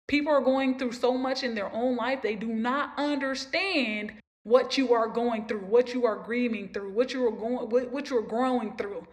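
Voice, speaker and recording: A woman's voice: on the high side, normal speed, hardly any pauses. A woman hosting a podcast, talking about her own life in an emphatic, repetitive way and preaching encouragement to listeners. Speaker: podcast host. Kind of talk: personal motivational talk.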